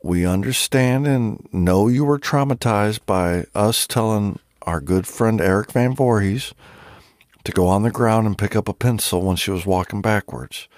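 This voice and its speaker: A man's voice: fairly low pitch, measured pace, darkish tone, no echo, studio quality. A man co-hosting a podcast, joking and laughing in crude casual banter. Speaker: podcast co-host.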